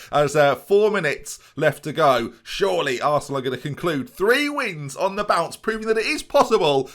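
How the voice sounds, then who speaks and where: A man's voice: mid-range voice, a bit bright. A man commentating a football management video game play-by-play, addressing viewers with jokey asides.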